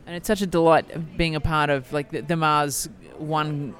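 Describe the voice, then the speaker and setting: A woman's voice: deep voice, little pitch movement, moderate pace. A woman co-hosting a podcast, chatting in a reflective, enthusiastic way with frequent restarts. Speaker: podcast co-host and speaker. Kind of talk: casual chat.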